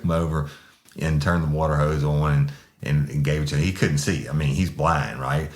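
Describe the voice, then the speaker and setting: A former police sergeant, telling a story in a blunt, profane, rambling way. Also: male voice, very deep voice, fairly even intonation, normal speed. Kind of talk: casual storytelling.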